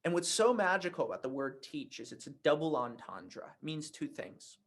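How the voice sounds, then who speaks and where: A man teaching a writing workshop, telling a personal anecdote in a conversational, animated way. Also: fairly high pitch, moderate pace. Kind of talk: workshop talk with storytelling.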